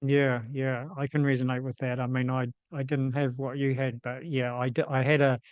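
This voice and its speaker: A man hosting a podcast, speaking in a gentle, affirming, reflective way in casual conversation. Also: medium pitch, flat delivery, moderate pace, smooth, dry recording, muffled recording. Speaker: podcast host.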